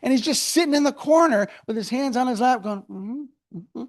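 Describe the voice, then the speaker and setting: Lively man telling history tales. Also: very high-pitched, no room sound. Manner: lively storyteller, mocks figures in quick asides. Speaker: author giving a book talk. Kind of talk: public history lecture. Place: university lecture hall.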